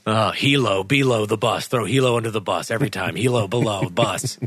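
A man's voice: on the low side, a little fast, fairly bright tone, a little hiss or hum. A man co-hosting a podcast in casual chat, profane and laughing often. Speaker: podcast co-host.

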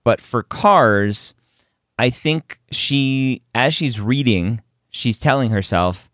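A man's voice: mid-range voice, dry recording, studio quality. A man hosting a podcast, asking questions and reading a sign-off. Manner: relaxed, asks questions, brisk sign-off. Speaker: podcast host. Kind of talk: podcast interview and outro.

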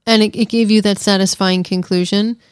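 A woman's voice: medium pitch, fairly even intonation, a little fast, clean tone, dry recording, clean studio sound. A woman co-hosting a casual film review podcast, thoughtful and teasing, often restarting her sentences. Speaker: podcast co-host.

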